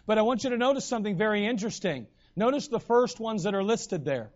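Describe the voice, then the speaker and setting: High-voiced animated male preacher. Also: fast talker, hardly any pauses, lo-fi sound. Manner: animated, acts out voices in retellings. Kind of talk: sermon.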